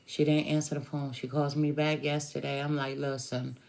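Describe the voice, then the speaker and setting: A woman tarot reader telling a personal story to her viewers in a slow, drawn-out conversational way, with sighs. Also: low-pitched, level tone, gravelly, darkish tone.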